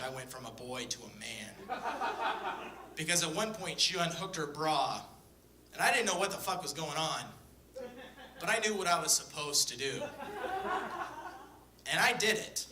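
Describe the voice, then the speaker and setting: A young man telling stand-up stories on stage in a deadpan, profane manner, with acted-out quotes. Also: a little high, recorded from a distance. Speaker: stand-up comedian. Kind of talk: stand-up storytelling. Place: comedy stage before a live audience. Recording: echoey room, voice from afar.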